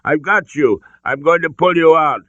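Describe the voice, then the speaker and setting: A man's voice: a little high, moderate pace, fairly bright tone, no echo, highs cut off, pitched above the performer's own voice, close to an everyday voice. A man voicing a bellowing loyal friend. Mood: pleading. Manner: bellowing, grunting. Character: loyal strong male friend.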